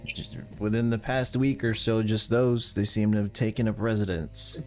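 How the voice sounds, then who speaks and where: A man's voice: lowish voice, steady tone, a little mellow, faint music behind, lightly acted. A man playing a drawling, laid-back villager. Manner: slow, drawling, dryly unbothered. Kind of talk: in-character tabletop role-play.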